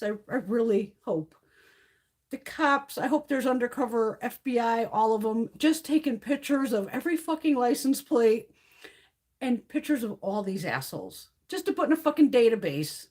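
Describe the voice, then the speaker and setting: A brash middle-aged woman hosting a casual livestream chat. Her voice sits a little high and swings widely as she vents, swearing freely and laughing between points. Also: moderate pace, slightly rough. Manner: blunt, profane, animated ranting with laughs. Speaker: beauty livestream host. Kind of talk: casual chat while reading live comments.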